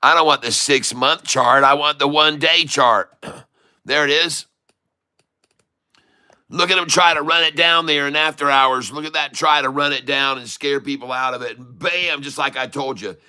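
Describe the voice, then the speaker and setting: A man giving excited live commentary on a stock chart, full of folksy slang and exclamations. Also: fairly high pitch, moderate pace, clear, resonant tone. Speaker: day-trading streamer.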